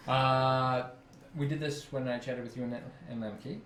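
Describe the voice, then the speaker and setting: A man hosting a casual interview, upbeat and quick with his questions. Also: mid-range voice, fairly even intonation, fairly bright tone. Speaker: host. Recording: echoey room.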